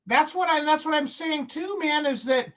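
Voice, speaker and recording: A man in his forties co-hosting a podcast, animated and joking, backing up his partner with frequent agreement. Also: extremely high pitch, moderate pace. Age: 40s. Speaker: podcast co-host. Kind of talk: casual conversation.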